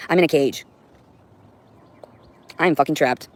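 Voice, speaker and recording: A woman's voice: sits low, fast. A woman livestreaming an agitated, profane monologue, preaching directly at her viewers.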